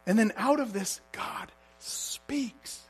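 A man's voice: high voice, slow, husky, faint music behind. A man preaching a sermon as a pastor, telling stories vividly and asking the congregation rhetorical questions.

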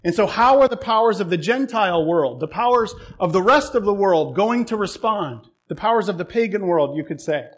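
A man's voice: sits high, lively intonation, fairly quick, few pauses. A man preaching a sermon, retelling a Bible story with humor and irony.

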